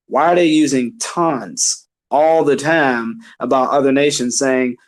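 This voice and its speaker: A man talking casually about scripture, rambling with lots of fillers and rhetorical questions. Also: mid-range voice. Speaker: vlogger discussing scripture.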